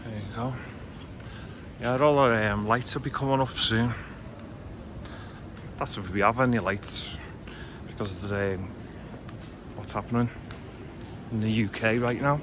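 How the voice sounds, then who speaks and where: A man's voice: lowish voice, unhurried, pauses often. A man with a Liverpool accent giving a chatty, blunt walking tour commentary outdoors as a vlogger. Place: outdoors on city streets. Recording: street traffic noise behind.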